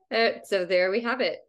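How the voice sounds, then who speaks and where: A woman co-hosting a podcast in casual chat, playful and quick to laugh. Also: sits low. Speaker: podcast co-host.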